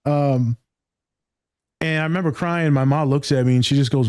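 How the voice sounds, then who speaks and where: A man's voice: mid-range voice, expressive, brisk, a little mellow, no echo, clean studio sound. A man hosting a podcast, talking casually and with emphasis, full of slang like "my guy" and free with swearing. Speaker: podcast host.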